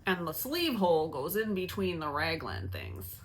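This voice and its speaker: A woman's voice: low voice, wildly swooping pitch, normal speed, few pauses. A woman hosting a knitting podcast, talking casually in a chatty, self-mocking, rambling way with many restarts. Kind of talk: casual chat.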